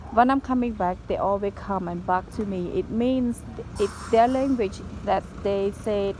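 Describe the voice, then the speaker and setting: A woman speaks in simple, unpolished English while feeding strays outdoors at a pagoda, often slipping into a cooing, coaxing tone with the animals. Her voice sits at a middle pitch and moves at a slow, unhurried pace. Steady outdoor noise runs behind her. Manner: simple non-native English, coaxing baby talk to animals. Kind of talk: casual vlog commentary.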